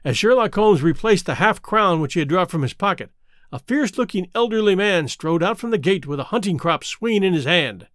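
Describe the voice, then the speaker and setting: A man reading a classic detective story aloud as first-person narrator, expressive and clearly enunciated, close to the mic. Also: high voice, brisk, dry recording. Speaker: audiobook reader.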